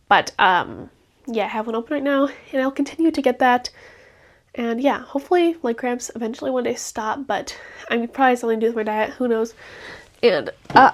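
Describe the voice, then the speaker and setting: A young woman vlogger giving a casual, rambling review of products she has used up, with frequent fillers. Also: on the high side. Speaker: beauty vlogger.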